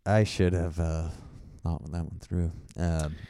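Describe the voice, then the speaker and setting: A man's voice: deep voice, flat delivery, slow pace, dark tone, smooth, no room sound, studio quality. A man co-hosting a podcast, rambling through casual chat and laughing often. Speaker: podcast co-host. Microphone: studio mic with headphones.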